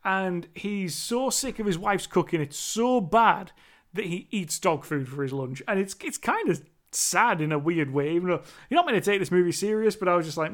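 A young man talks through a movie he watched, rambling and laughing as he goes. His voice sits high for a man. Now and then he acts out lines from the film. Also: lively intonation, normal speed. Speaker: movie reviewer. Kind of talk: casual spoken movie review.

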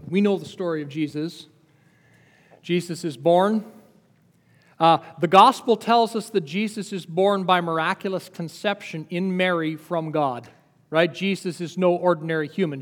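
A man preaching a sermon in a lively, conversational teaching manner, asking his listeners questions. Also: fairly high pitch, in a large hall. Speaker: pastor.

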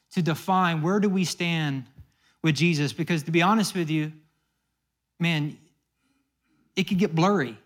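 A high-pitched man preaches a sermon in a chatty, storytelling way. He slips into little acted-out voices for the people in his stories. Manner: conversational storytelling with acted quotes. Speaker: pastor.

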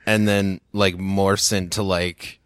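A man co-hosting a podcast who runs through the show news with quick, joking remarks. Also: deep voice, level tone, smooth, no room sound, studio quality. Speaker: podcast co-host. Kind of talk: casual podcast chat.

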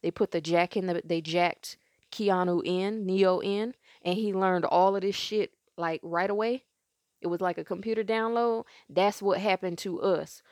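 A woman's voice: on the low side, darkish tone, dry recording, studio quality. A congested woman, telling a spiritual story in a loose, rambling, conversational way as a podcast host.

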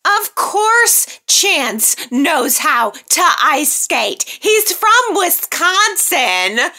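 A woman's voice: sits high, very animated, drawn-out words, bright, forceful tone. A woman hosting a soap opera recap, chatting casually and playfully, often laughing at her own jokes. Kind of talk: casual chat.

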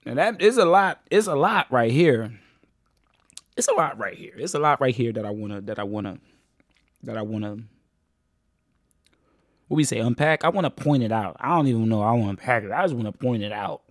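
Male host for casual commentary, mid-pitched, addresses viewers directly, repeats himself. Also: expressive, fairly quick, long pauses, no echo, studio quality. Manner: talks straight to viewers, repeats words, restarts.

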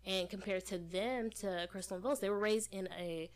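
A woman's voice: mid-range voice, steady tone, brisk. A woman co-hosting a casual podcast, explaining her views in long, earnest run-on talk. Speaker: podcast co-host.

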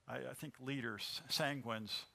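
A man preaching a sermon as pastor, animated and asking the congregation questions. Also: medium pitch, a little slow, vocal fry.

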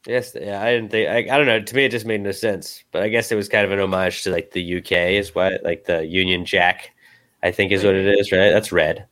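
A man's voice: sits low, steady tone, a little fast, fairly bright tone. Young man, podcast co-host, casual chat, slangy, rambling, laid-back.

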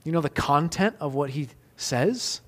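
A man, likely in his thirties, preaching a sermon as pastor, moving between emphatic loud peaks and soft, intimate questions. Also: a little high, animated, a little slow.

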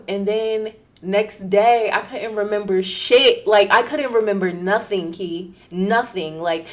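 A woman's voice: mid-range voice, unhurried, few pauses. A young adult woman in casual chat, telling a story with slang and swearing, often laughing as she talks.

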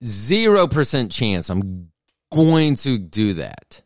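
A man's voice: mid-range voice, sing-song, slow, no echo, studio quality. A middle-aged man hosting a podcast, telling a rambling comedic story that keeps interrupting itself. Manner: meandering, self-interrupting storytelling. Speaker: podcast host.

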